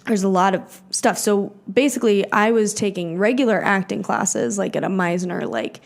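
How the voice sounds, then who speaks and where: Co-hosting a podcast, a woman in her twenties chats at a moderate pace with lively intonation, a medium pitch, and vocal fry. She's filler-heavy, full of "like," curses freely, and acts out what others said.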